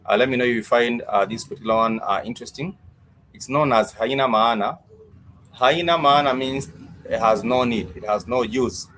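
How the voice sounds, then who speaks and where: A man teaching Swahili words in a live-streamed lesson, slowly repeating each word and its meaning, with many fillers. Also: medium pitch, a bit bright, a little hiss or hum.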